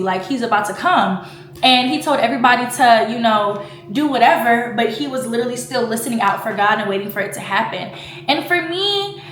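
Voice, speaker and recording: A woman's voice: medium pitch, fairly bright tone, reverberant, a little hiss or hum. A woman in her twenties talking to her vlog camera in a chatty, emotional way, close to tears at times, with lots of fillers. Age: 20s. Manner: emotional, fighting back tears; chatty, full of fillers like "like" and "you know". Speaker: vlogger. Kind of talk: casual personal vlog talk.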